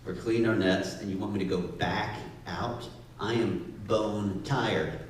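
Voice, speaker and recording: A man voicing an exhausted, skeptical fisherman in a low, sarcastic grumble. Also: fairly even intonation, measured pace, a little hiss or hum, natural voice. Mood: grumbling. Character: grumbling, bone-tired male fisherman. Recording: echoey hall, distant mic.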